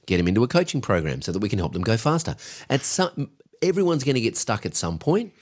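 A man's voice: on the low side, very animated, fast talker, a little mellow, breathy edge. A man co-hosting a business podcast, coaching in an emphatic, directive way. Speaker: podcast co-host, agency coach.

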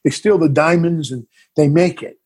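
Middle-aged male filmmaker guest, husky tone, lively storyteller who acts out scenes. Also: on the high side, normal speed. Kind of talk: casual interview chat.

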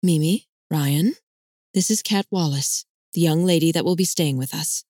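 A woman voicing a calm, firm middle-aged mother who speaks in a measured, scolding way. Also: deep voice, dry recording, studio quality.

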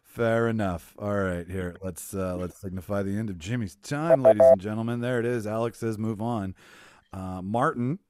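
A man's voice: fairly low pitch, steady tone, normal speed, warm tone, no room sound. A man hosting a podcast debate, playfully handing the floor around in casual banter. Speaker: podcast host moderating a debate.

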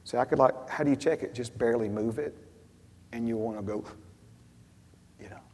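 A man preaching a sermon as a story, swinging from hushed asides to loud, emphatic bursts. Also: mid-range voice, a little fast. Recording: long hall reverb.

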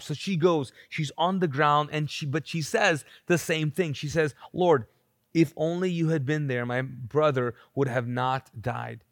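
A man preaching a live church sermon in an animated, conversational way, acting out quotes and restarting often. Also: on the high side, no room sound, clean studio sound. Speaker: pastor.

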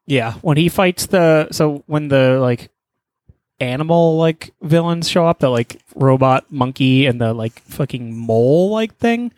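A man's voice: a little high, expressive, a little slow, a little mellow, no echo. A man animatedly retelling a story in casual chat, swearing often.

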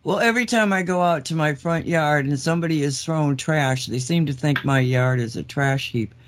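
A man's voice: on the high side, a little fast. A man co-hosting a casual show, speaking earnestly and candidly, chuckling at his own remarks. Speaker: co-host. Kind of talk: casual call-in show chat.

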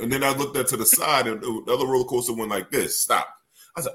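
A man's voice: mid-range voice, fast, a bit bright. A man, co-hosting a podcast and telling a story with lots of profanity and acted-out quotes. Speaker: podcast co-host. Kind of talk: casual storytelling chat.

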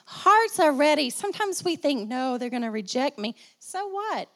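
A woman's voice: high-pitched, big pitch swings, moderate pace, fairly bright tone. A woman pastor preaching a sermon, repeating phrases for emphasis and calling for responses, with a slight cough.

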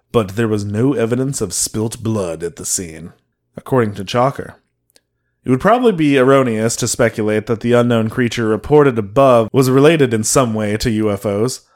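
A man reads a strange old story aloud on a casual comedy podcast. He reads at an ordinary pitch and keeps breaking off to crack jokes. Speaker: podcast host reading a paranormal story.

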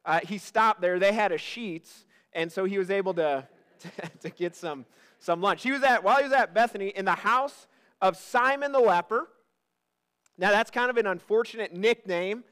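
A man's voice: high voice, normal speed, clean tone. A man preaching a sermon, joking and talking directly to his congregation. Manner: lively, joking, talks to the congregation. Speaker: pastor.

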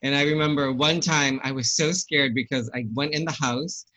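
A man's voice: mid-range voice, steady tone, normal speed, pushed and bright, low-quality recording. A man in his forties chatting on a book podcast, wry and self-deprecating. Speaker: podcast co-host. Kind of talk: casual book club chat.

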